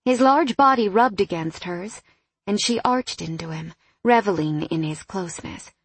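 A woman narrating an audiobook in a calm, intimate manner on a close studio mic. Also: mid-range voice, normal speed, slightly rough, no echo. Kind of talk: scripted narration.

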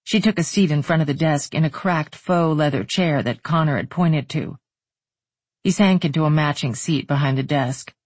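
An audiobook narrator reads with a steady, even storytelling pace. The voice is husky and breathy, with a mid-range pitch, recorded dry and close. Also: normal speed, no room sound.

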